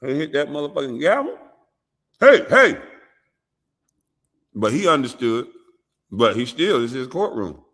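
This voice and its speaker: A man hosting a show, talking in casual, animated and profane commentary. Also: medium pitch, brisk. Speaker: show host.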